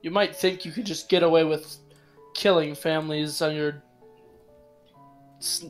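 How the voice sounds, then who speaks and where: A man voicing a small, vengeful man in red robes who loudly accuses people of villainy. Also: on the high side, steady tone, measured pace, soft background music, close to an everyday voice. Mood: indignant. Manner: declaiming, self-righteous accusations.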